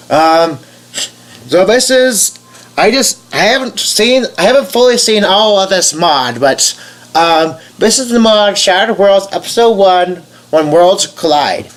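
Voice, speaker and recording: Young man, nasal, fairly high voice, slow, hesitant, casual game commentary. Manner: hesitant, many fillers and restarts. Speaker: game voice-over YouTuber.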